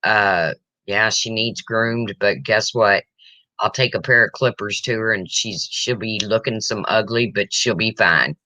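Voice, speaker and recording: A woman's voice: a bass voice, a little slow, pushed and bright, no echo, poor audio. A woman hosting a casual livestream chat, emotional and reading viewer comments aloud. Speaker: livestream host.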